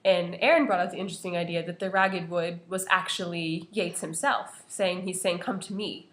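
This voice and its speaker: A woman's voice: fairly low pitch, steady tone, normal speed, fairly bright tone. A young woman presenting an analysis of a poem to her class, earnest and full of "you know" fillers. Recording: echoey room.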